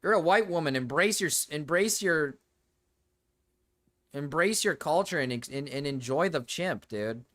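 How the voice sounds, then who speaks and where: A young man giving live-stream reaction commentary, excitable and swearing, laughing often and jumping into sudden high yelps. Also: a little slow, dry recording.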